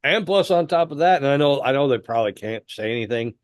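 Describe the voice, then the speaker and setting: Brief: man, podcast co-host, mid-pitched, easygoing, halting recall, dry close sound. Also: no echo. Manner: relaxed, recalling details haltingly. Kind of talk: casual chat.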